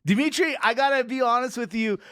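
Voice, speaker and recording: A man co-hosting a sports podcast, telling stories in an excitable, teasing way. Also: very high voice, brisk, clear, resonant tone, dry recording, studio quality. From Canada. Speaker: podcast co-host. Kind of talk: casual sports banter.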